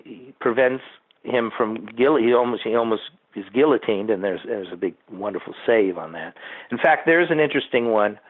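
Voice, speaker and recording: A man, a TV producer being interviewed, rambling through behind-the-scenes anecdotes with asides to the host. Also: medium pitch. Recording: tinny phone-like line.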